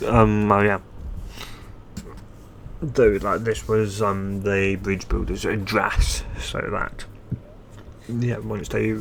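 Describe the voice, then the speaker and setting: A man improvises a fan-fiction story out loud, rambling and stopping often with fillers and restarts. His voice sits low and has a gravelly edge. A faint noise hangs under the recording.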